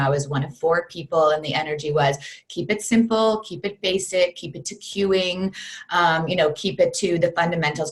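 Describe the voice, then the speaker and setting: A woman from the United States, a fitness program creator, telling her story earnestly in an interview on a video call. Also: fairly low pitch.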